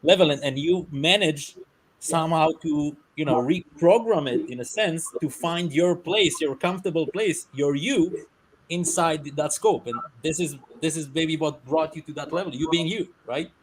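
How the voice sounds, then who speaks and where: Slightly high man, leaning on "right?". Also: moderate pace, breathy edge. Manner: repeats "right?" and "you know" often. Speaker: co-host. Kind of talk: casual interview.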